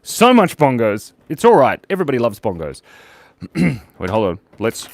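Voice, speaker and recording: A man's mid-range, creaky voice swings hugely in pitch at a moderate pace as he hosts a casual live drawing session. He stays playful and jokey, chatting with viewers while drawing.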